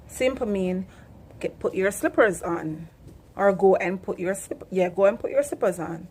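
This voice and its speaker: A young adult woman with a Jamaican accent, teaching Jamaican words in a casual, animated chat and laughing often. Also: mid-range voice, moderate pace, slightly rough. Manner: animated, laughs often, acts out loud commands. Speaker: vlogger.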